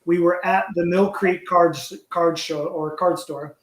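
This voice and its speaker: A man's voice: high-pitched, fairly even intonation, a little slow, echoey room. A man co-hosting a podcast in casual chat, eager and talkative, rambling a little as he asks questions. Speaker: podcast co-host.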